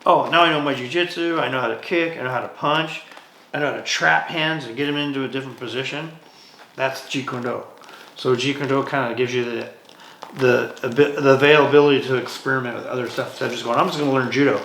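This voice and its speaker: Gravelly man telling martial arts stories. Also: mid-range voice, quick pace. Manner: animated storyteller, acts out dialogue in quoted voices. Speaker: martial arts instructor, podcast guest. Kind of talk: casual interview storytelling. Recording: roomy echo, faint noise.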